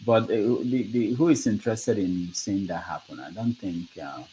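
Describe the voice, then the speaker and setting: A man's voice: on the low side, normal speed, warm tone, poor audio. A man hosting a casual live discussion who laughs often and reads out results as they come in. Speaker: host. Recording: faint background noise.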